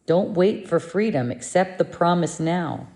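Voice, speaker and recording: Woman, low voice, slow soothing delivery, spiritual teacher, meditative lesson. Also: expressive. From living in Mexico. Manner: gentle, soothing, unhurried.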